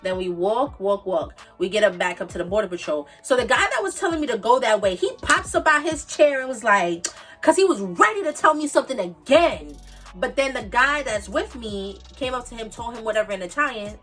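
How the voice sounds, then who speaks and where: Animated Bronx woman telling a story. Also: fairly high pitch, distant mic. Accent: New York (Bronx). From the Bronx, New York. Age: 20s. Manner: animated, emphatic, repeats points for emphasis. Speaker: vlogger. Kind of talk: casual storytime monologue.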